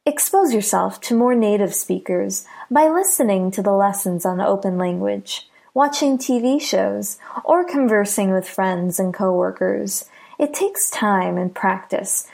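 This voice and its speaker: An American woman leads a pronunciation lesson, saying each example word three times and marking the stressed syllables clearly. She speaks slowly and deliberately, and a gravelly fry runs through her mid-pitched voice. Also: animated, darkish tone. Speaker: pronunciation teacher.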